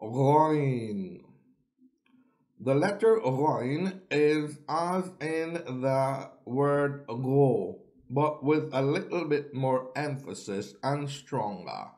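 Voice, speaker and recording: Very slow, deliberate male reading teacher. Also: mid-range voice, darkish tone. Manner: drawn-out, deliberate letter sounds with pauses for repetition. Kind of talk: slow pronunciation lesson.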